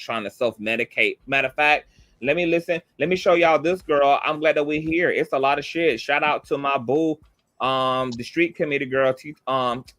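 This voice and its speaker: A man hosting gossip commentary with a bright, forward voice. He talks sassy and profane, throwing "girl" into every line. The sound is dry and close. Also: mid-range voice, no room sound. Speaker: commentary host.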